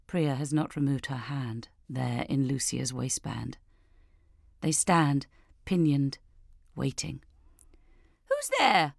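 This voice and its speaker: A woman narrating an audiobook in a measured, deliberate way. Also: extremely low pitch, steady tone, creaky, a little mellow, no echo, studio quality. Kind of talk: scripted narration.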